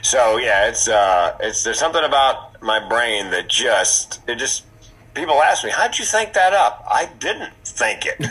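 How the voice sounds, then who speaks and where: Male comic guest, husky and bright, animated storyteller. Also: mid-range voice, unhurried, poor audio. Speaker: podcast guest, comedian. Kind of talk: casual storytelling.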